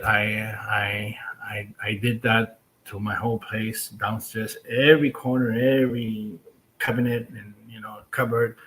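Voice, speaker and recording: A First Nations man speaks as a talk show guest and recounts a personal story in an earnest, reflective way. His voice sits on the low side and he takes his time. A faint hiss of noise runs under the recording. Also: fairly bright tone, low-quality recording. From First Nations community. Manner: earnest, reflective, slow retelling.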